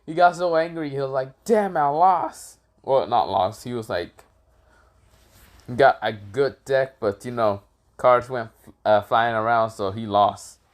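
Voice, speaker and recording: A man's voice: lowish voice, unhurried. Rambling young man retelling a fan story. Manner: rambling and casual, with frequent self-corrections and swearing. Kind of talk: improvised fan-fiction retelling.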